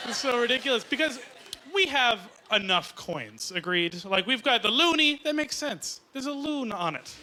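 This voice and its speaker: A Canadian man performing a stand-up comedy routine on a club stage, animated and mocking, slipping into mock outrage. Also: very high-pitched, normal speed, heavy background noise.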